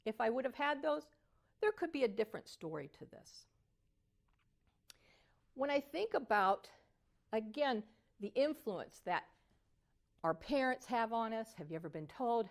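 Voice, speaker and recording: An older woman voice coach giving a motivational teaching talk, animated and at times singing phrases to show melody. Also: fairly high pitch, unhurried, long pauses.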